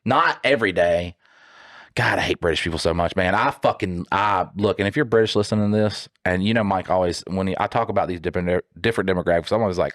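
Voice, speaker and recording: A man from the United States, co-hosting a podcast in a loud, mocking, heavily profane comedic rant. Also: low-pitched, quick pace. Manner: loud, mocking, heavy swearing, puts on silly voices. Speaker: podcast co-host.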